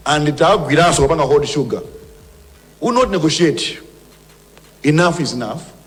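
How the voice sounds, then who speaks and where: A man with a Malawian accent, speaking as a government minister, delivers an emphatic public speech full of forceful warnings, moving back and forth between English and Chichewa. His voice sits fairly high and is expressive, at a normal pace, with the sound of a big room around it.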